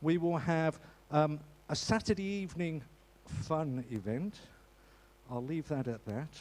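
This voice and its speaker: A man's voice: on the high side, measured pace, darkish tone. A man giving an informal church notice in a chatty, joking way, often restarting his sentences. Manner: chatty, jokey, with frequent restarts and stumbles.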